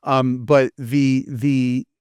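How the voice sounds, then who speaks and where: A man's voice: mid-range voice, flat delivery, very slow, a little mellow, smooth, no room sound. A man, a film reviewer, chatting casually on a podcast and acting out characters' lines as he retells a plot.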